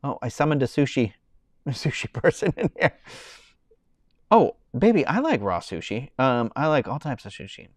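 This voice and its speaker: A young man with a middle-pitched voice talks his way through a relaxed live stream, rambling from one thought to the next and answering viewers between fillers and laughs. His voice sits close and dry on the mic, with no room sound around it. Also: normal speed, dry recording. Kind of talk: casual chat reading viewer comments.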